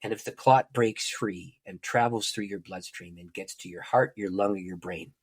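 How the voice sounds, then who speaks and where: Husky man telling a lively story. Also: low-pitched, moderate pace. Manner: animated storyteller acting out dialogue. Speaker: guest author and prayer teacher. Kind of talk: personal storytelling in a podcast interview.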